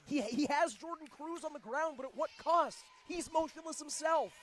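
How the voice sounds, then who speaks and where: A man calling live pro wrestling play-by-play, excitable and shouting the big moves. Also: very high-pitched, normal speed.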